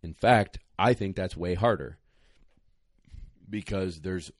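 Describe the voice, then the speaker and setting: A deep-voiced man talks through retriever training in casual podcast chat, blunt and emphatic in his advice. He sounds a little out of breath. His voice is recorded dry and close, with no room sound. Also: takes it slowly, no echo. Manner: blunt, plain-spoken, emphatic.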